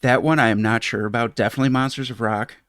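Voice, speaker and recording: A man hosting a casual podcast interview, relaxed and easygoing, asking questions with fillers and quick laughs. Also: mid-range voice, no echo, studio quality. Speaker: podcast host.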